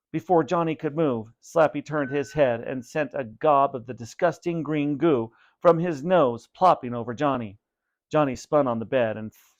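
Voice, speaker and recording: A man reads a spooky children's story aloud as a teacher, steady and plain in his delivery. His voice sits at an ordinary middle pitch. Before he starts reading, he gives clear instructions to his students. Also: lo-fi sound. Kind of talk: read-aloud storybook narration.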